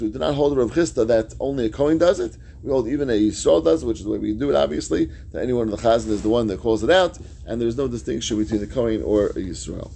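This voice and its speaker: A man's voice: mid-range voice, creaky, dark tone, slight background noise. A man teaching a Talmud class, reading each phrase of the text and then explaining it in plain words.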